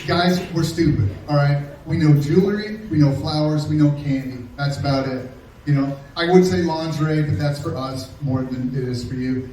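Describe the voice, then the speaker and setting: A middle-aged man doing a stand-up comedy set, telling sarcastic, deadpan stories about an ex and bantering with the crowd. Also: fairly high pitch, moderate pace, a little hiss or hum. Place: comedy club stage. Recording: echoey live room from a distance.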